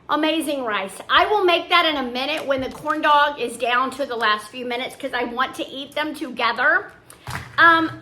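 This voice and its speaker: An older woman talks through her day in a homey, rambling way. Her voice sits high and rings bright. She drifts off into small asides as she goes. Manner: chatty and homey, trailing off into asides. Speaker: vlogger. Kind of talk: casual chat.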